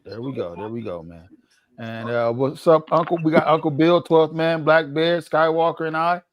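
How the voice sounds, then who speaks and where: A man co-hosting a casual livestream chat, talking in a loose, slangy way with drawn-out asides. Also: on the high side, no echo, low-quality recording. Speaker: co-host.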